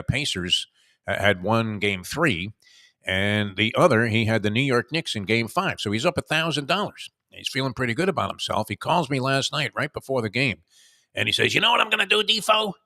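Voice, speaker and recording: A man hosting a sports talk show, telling rambling stories with many filler pauses. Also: lowish voice, lively intonation, pushed and bright, dry recording, studio quality. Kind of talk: casual sports talk with a co-host.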